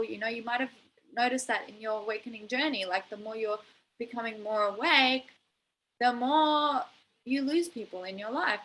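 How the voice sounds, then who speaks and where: Young woman, manifestation coach, bright voice, a bit high, enthusiastic, encouraging. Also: a little hiss or hum, rough recording. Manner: enthusiastic, encouraging, spiritual wording. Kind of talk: live online masterclass teaching.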